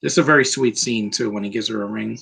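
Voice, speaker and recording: A man's voice: on the low side, quick pace, vocal fry, fairly bright tone, husky. A man giving a casual live movie commentary, talking in a sentimental, rambling way and getting emotional.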